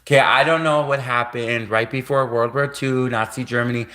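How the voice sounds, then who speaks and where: A man's voice: medium pitch, fairly even intonation, normal speed, pushed and bright. A man from Canada talking on a solo livestream, rambling between topics and laughing at his own jokes. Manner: digressive, laughs at own jokes, mock-quotes imagined critics. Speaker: livestream host.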